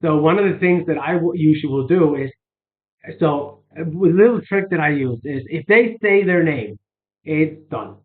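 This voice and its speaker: A man's voice: on the high side, expressive, normal speed. A man giving a casual sales lesson, rambling with restarts and fillers. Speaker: sales coach. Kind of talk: casual instructional talk. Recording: tinny phone-like sound.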